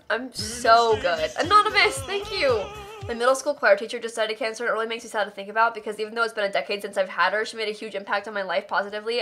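A young woman streaming live for charity reads out donation messages in a fairly high, bright, forceful voice. She is tired after hours on air and emotional, gushing her thanks while laughing close to tears. Her delivery is warm-hearted and a little frazzled. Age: young adult.

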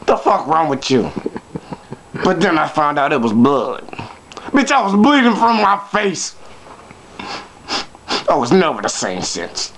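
A man's voice: fairly high pitch, very animated, takes it slowly, pauses often, crowd noise. A man telling a comic story to his viewers, brash and profane, full of joking asides. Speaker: vlogger.

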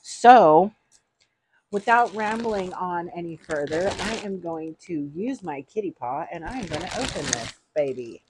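A woman's voice: on the low side, expressive, normal speed, few pauses, noisy background. A middle-aged woman chatting casually to camera in an unboxing vlog, rambling and gushing. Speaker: vlogger.

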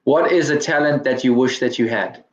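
A man hosting an interview, asking brief quick-fire questions. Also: mid-range voice, reverberant, highs cut off, background noise. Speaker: interview host.

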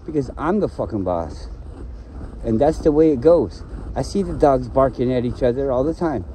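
A man's voice: medium pitch, expressive, moderate pace, mellow, a little hiss or hum, poor audio. Profane ranting man vlogger. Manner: profane, complaining, talks to himself. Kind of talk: rambling solo vlog rant.

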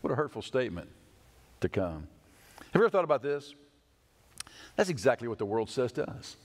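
Animated preacher in an echoing hall. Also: male voice, fairly quick. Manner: dramatic, voices quoted figures with pitch swings. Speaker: pastor. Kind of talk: sermon. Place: church sanctuary.

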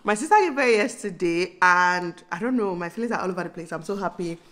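A woman in her thirties with a Nigerian accent, chatting excitedly to camera in a casual vlog, bubbly and laughing often. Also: lowish voice, quick pace. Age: 30s. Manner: bubbly, laughing, breaks into squeals. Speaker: vlogger.

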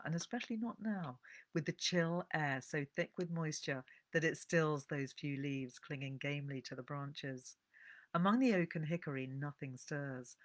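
Woman, book talk, reading aloud, enthusiastic, chatty asides. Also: low voice. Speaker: book presenter.

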